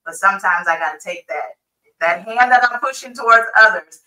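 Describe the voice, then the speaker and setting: American woman, podcast guest, casual chat, playful, bright tone. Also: mid-range voice, a little fast, far from the mic, low-quality recording. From United States. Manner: playful, warm-hearted, laughs easily.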